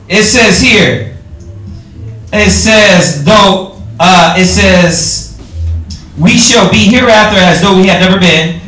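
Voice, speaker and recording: Animated man preaching in an echoey room. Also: slow pace, long pauses, soft background music. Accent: Southern US. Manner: animated, mocks worldly voices in a higher pitch. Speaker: teacher of a religious study group. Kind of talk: street-style scripture teaching. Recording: echoey room, mic at a distance.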